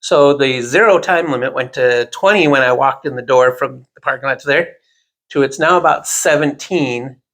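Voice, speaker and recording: A man unspools a meandering everyday story in relaxed conversation, poking fun at himself along the way. His voice carries a gravelly rasp at a medium pitch. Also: normal speed. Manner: rambling, animated anecdote with self-deprecating asides. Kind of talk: casual storytelling chat.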